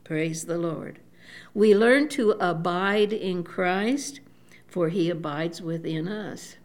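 An elderly woman giving a devout sermon, unhurried, often saying praise the Lord and pausing with fillers. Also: on the low side, darkish tone. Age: older. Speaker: preacher.

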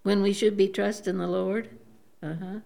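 An elderly woman giving a devout sermon, unhurried, often saying praise the Lord and pausing with fillers. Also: mid-range voice, level tone, creaky, dark tone. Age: older. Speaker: preacher.

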